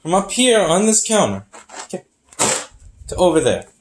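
A man's voice: high voice, very animated, moderate pace, noisy background. Sarcastic man cooing at his cat. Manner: sarcastic, baby-talk to a pet. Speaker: channel host. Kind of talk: casual talk to his cat.

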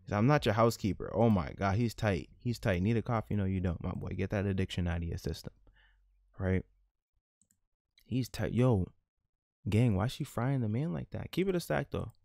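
A man narrates a life-sim let's play, animated and full of slang, talking straight to his chat. His voice sits low, and the recording is dry with no room sound. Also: normal speed, creaky, long pauses, no room sound. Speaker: gaming YouTuber.

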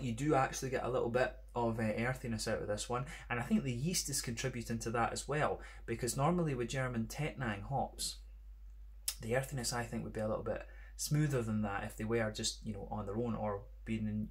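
A man's voice: mid-range voice, brisk, fairly bright tone. A man with a Scottish accent reviewing beer in a casual, rambling monologue, full of "kind of" and "sort of" fillers.

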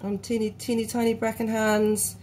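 A woman's voice: on the high side, flat delivery, normal speed, darkish tone. Woman, thirties, chatty cooking vlog, coaxing a child, phone mic, noisy kitchen. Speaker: parent teaching a recipe. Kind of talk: casual cooking demonstration. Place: home kitchen. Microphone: phone camera held by hand. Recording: noisy home kitchen recording.

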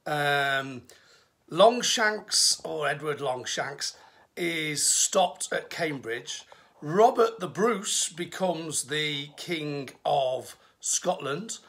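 A middle-aged English man with a Midlands accent chats through history facts on a live stream, cracking jokes and greeting viewers by name. His voice is gravelly, with a bright, forceful edge. He speaks loosely and casually, like a tour guide talking to friends. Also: a little high, animated, drawn-out words. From England.

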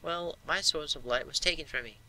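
A man's voice: on the high side, brisk, bright, forceful tone, poor audio. A young man casually commentating a horror game, joking and muttering asides to himself. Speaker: gameplay commentator.

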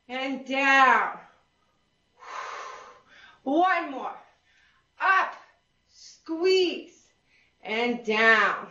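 Whooping, high-voiced woman fitness instructor. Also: bright, forceful tone. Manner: upbeat, encouraging, counts reps and whoops. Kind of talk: leading a workout class. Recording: roomy, distant and dull.

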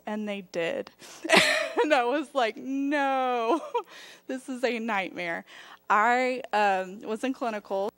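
A young woman giving a chatty church testimony, laughing often as she talks. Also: medium pitch. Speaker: respiratory therapy student giving testimony. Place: church sanctuary.

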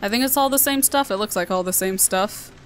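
A woman's voice: mid-range voice, brisk, a little hiss or hum. A woman with a Southern American accent, giving chatty, playful commentary while she plays a video game. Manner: chatty, playful, talking to herself. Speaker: gaming video host. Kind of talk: let's play commentary.

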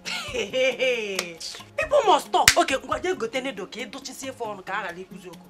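A woman's voice: high voice, sing-song, a little fast. A Nigerian actress playing a caring woman who coaxes and reassures her upset friend, dropping Igbo words. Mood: reassuring. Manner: coaxing, reassuring, mixes in Igbo. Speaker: actor in a film. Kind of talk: Nollywood film acting. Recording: film audio with faint background music.

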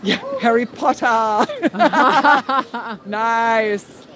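A woman hosting a live walkthrough outdoors on a suburban street, excitedly exclaiming and talking to her viewers as she walks. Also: a little high, drawn-out words. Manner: excited, exclaiming, talks to viewers as "guys" and "dudes". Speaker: livestream host. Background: faint crowd of trick-or-treaters.

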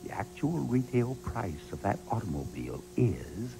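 A man's voice: mid-range voice, big pitch swings, normal speed, vocal fry, noisy background. A man hosting a television game show, drawing out numbers and addressing the studio audience emphatically.

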